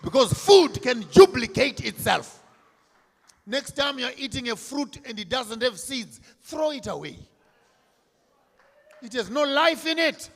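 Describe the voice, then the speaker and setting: A man delivers a fiery public speech, repeating key lines and swinging between near-whispers and shouts. His voice sits high and rings bright and forceful. The sound carries the long reverb of a large hall. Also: lively intonation, measured pace. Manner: declamatory, repetitive emphasis, swinging from hushed to shouted. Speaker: speaker at a commemorative event.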